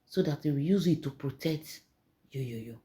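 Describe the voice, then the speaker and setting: A woman's voice: low-pitched, expressive, normal speed, dark tone. A woman with a Nigerian Pidgin accent retelling celebrity gossip dramatically, repeating words and acting out quotes. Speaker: gossip storyteller.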